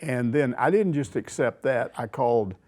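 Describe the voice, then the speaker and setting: An older man, hosting a sports talk show and telling a story in an animated way. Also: medium pitch, moderate pace. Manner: animated, acts out quotes with voice shifts. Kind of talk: casual storytelling chat.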